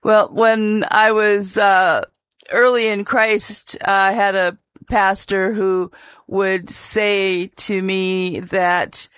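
A woman's voice: mid-range voice, level tone, a bit bright, clean tone, dry recording. A woman hosting an interview, asking thoughtful questions. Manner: slow, thoughtful questions with fillers. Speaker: interview host. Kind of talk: conversational interview.

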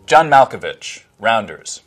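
A man giving expressive, technical commentary on film clips, explaining how actors handle accents. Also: medium pitch, unhurried, faint music behind.

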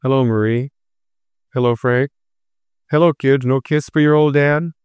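A bullying, volatile father from a storybook, menacing and accusing, voiced by a man. His voice is smooth and clear, recorded dry and close. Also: mid-range voice, steady tone, a little slow, darkish tone, dry recording, close to an everyday voice. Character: angry estranged father, grown man, volatile.

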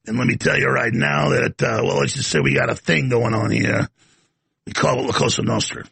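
A man putting on a boastful Brooklyn mobster with a New York accent, drawling low tough-guy talk with fillers. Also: steady tone, brisk, creaky, fairly bright tone, breathy edge, no room sound, full character voice. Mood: swaggering.

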